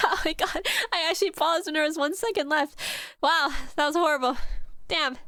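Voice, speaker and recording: A woman's voice: high-pitched, moderate pace, bright, forceful tone, faint music behind. A woman streamer reacting to a video in casual chat, emotional, laughing and rambling.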